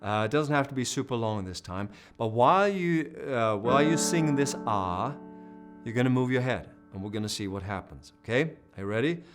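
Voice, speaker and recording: A man leads a singing lesson in an encouraging way. He walks students through exercises and breaks off to demonstrate vowels and sung notes. His voice sits at an ordinary middle pitch, with an instrument faint behind him. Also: expressive, normal speed, faint music behind. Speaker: voice teacher.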